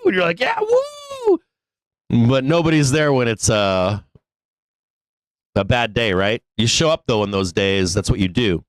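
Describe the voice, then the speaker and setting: A man's voice: lowish voice, moderate pace, clean tone, no room sound. A man hosting a live stock trading show, chatting casually, rambling and swearing freely, often breaking into laughter. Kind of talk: casual live-stream talk.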